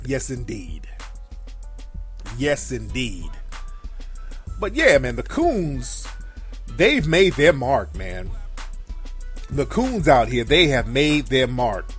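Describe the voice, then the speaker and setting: A man's voice: mid-range voice, big pitch swings, takes it slowly, a bit bright, soft background music. A man hosting a live call-in show, ranting bluntly and with plenty of profanity. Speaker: show host taking calls and chat. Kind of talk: casual live commentary.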